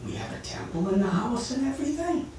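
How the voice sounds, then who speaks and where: A man voicing a loving mother who gently coaxes and soothes her son. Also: very high-pitched, very animated, fast talker, voice pushed up. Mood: chiding. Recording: echoey hall, far mic, noisy.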